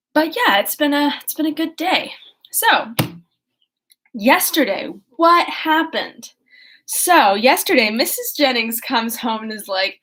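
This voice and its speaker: Bubbly high-voiced young woman. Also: a bit bright. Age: young adult. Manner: bubbly, giggly and chatty. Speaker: audiobook reader. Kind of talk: casual chat and reading aloud.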